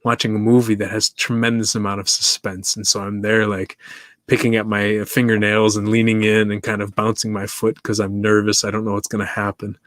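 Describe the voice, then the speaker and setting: A man's voice: on the low side, monotone, brisk, fairly bright tone, no room sound, studio quality. A man hosting his own podcast, talking alone in a loose, musing way, laughing often and putting questions to his listeners. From East Africa. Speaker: podcast host. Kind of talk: casual solo monologue.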